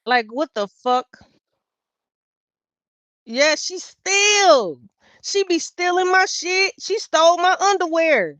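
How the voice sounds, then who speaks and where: A woman guest on a podcast, telling a personal story in casual talk, swearing freely and swinging from loud outbursts to quiet asides. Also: very high voice, slow, long pauses, no room sound. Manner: profane, animated, swings loud then quiet.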